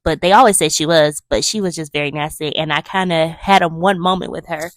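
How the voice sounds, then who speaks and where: A woman hosting a casual movie review, chatty and animated as she retells scenes with emphatic asides. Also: low voice, fairly quick, no room sound.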